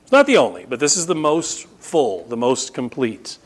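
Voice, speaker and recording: Middle-aged male pastor, emphatic teaching sermon, mid-pitched voice, repeats words for stress. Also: wildly swooping pitch, normal speed, breathy edge. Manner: emphatic, rises to sharp high bursts and repeats "no, no, no"; teaching, explains Greek grammar to the congregation.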